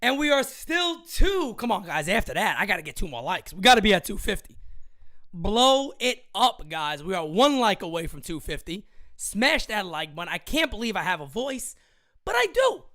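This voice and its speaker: A young man hosting a fan livestream of a live game, excitable and loud, swearing freely and laughing often. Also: high-pitched, normal speed. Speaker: livestream host.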